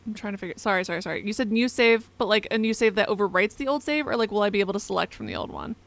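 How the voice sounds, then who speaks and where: A woman's voice: mid-range voice, very animated, very fast, vocal fry. A young woman giving casual live commentary as she plays a horror game, chatty and prone to exclaiming and swearing. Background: music.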